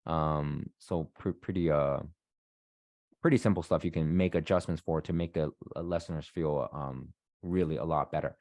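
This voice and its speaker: With a rumbling low voice that's a little mellow, a Canadian man delivers a career-coaching talk as a guest speaker at a moderate pace and fairly even intonation. The studio recording is dry. He's chatty, repeats himself, and tosses "right?" at the audience again and again.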